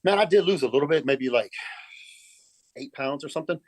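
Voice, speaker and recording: A man's voice: on the high side, lively intonation, brisk, a little mellow, slightly rough, dry recording. A middle-aged man, telling a story in a casual, profane way and saying "man" a lot. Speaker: guest, pro bodybuilder.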